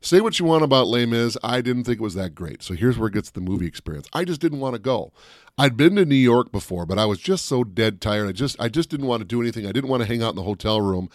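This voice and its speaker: A man co-hosting a casual chat, telling stories with lively energy and shouting out the voices of people in them. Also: mid-range voice, quick pace, no echo, clean studio sound. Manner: animated storyteller, shouts out quoted voices. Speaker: co-host.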